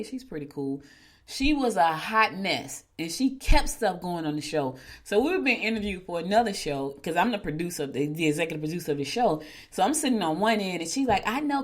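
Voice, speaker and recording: A woman with a low voice hosts a morning show in a loose, chatty way. She talks playfully and straight to her listeners, and she drifts off into asides. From New Jersey. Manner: chatty and playful, addressing listeners directly as y'all. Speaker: show host. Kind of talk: casual chat.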